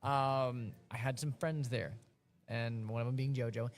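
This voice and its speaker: A man's voice: mid-range voice, steady tone, a little slow. A man from the Rio Grande Valley hosting a casual radio chat, upbeat and supportive. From Rio Grande Valley, Texas. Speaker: radio host.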